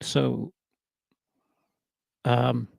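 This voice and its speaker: A man's voice: medium pitch, little pitch movement, very slow, gravelly, darkish tone, no room sound, clean studio sound. A man with a New York accent chatting casually on a livestream, answering his chat with lots of stammered restarts and fillers.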